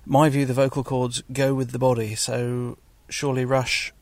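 A man's voice: mid-range voice, little pitch movement, moderate pace, darkish tone, no echo. A man leaving a casual, argumentative voicemail comment for a podcast. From England. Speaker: caller.

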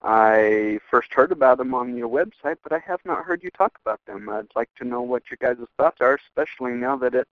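A man's voice: mid-range voice, animated, a little fast, hardly any pauses, no room sound. A man from Washington State leaving a direct voicemail question for a podcast. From Washington State, USA. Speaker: caller. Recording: dull, dry voicemail line.

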